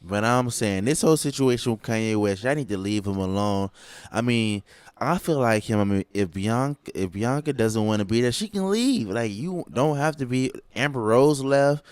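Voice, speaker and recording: A man's voice: mid-range voice, lively intonation, normal speed, smooth, no echo. A man co-hosting a podcast in casual chat, joking and rambling with lots of fillers. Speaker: podcast co-host.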